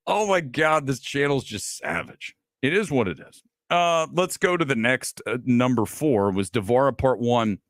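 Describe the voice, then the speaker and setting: A man's voice: medium pitch, no room sound, clean studio sound. Blunt, sarcastic ranting male host. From Los Angeles area resident. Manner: animated, blunt, sarcastic, swears freely. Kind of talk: casual ranting film commentary.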